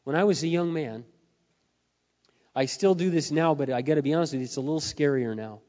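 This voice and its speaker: Earnest preacher man, voice going hoarse. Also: fairly high pitch, fairly quick. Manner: earnest, confessional, rising to loud emphatic peaks. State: losing his voice. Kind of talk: sermon. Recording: muffled sound in a reverberant hall.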